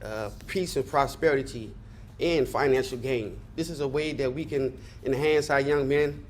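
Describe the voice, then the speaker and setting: A man's voice: medium pitch, moderate pace, a little hiss or hum. Earnest middle-aged man at public comment. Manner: earnest, rambling, frustrated. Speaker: community member giving public comment. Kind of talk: public hearing testimony.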